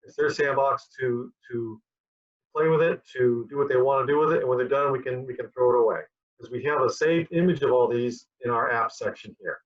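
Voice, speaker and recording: A man's voice: medium pitch, brisk. A man being interviewed as a guest who rambles and often repeats his words. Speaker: guest, QA director. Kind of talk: conversational interview. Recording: dull lo-fi sound.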